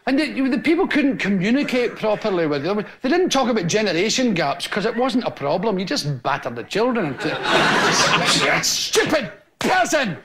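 A Scottish man spins a rambling stand-up story on stage, his high voice leaping all over. A live audience roars with laughter behind him, and the recording is thick with noise. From Scotland. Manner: rambling, swings into loud acted-out family scenes. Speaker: stand-up comedian. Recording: live show with a roaring, noisy audience.

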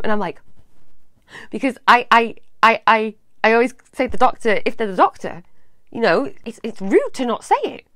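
A woman, hosting a live advice talk for children, affectionate and animated. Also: on the high side, normal speed, no echo, clean studio sound. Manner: animated, affectionate, addresses viewers as little loves. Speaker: advice show host.

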